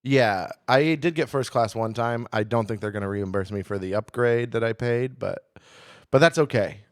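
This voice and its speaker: A man's voice: medium pitch, normal speed, no echo, studio quality. A man co-hosting a comedy podcast, telling a long travel story in a casual, profane, self-deprecating way. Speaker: podcast co-host.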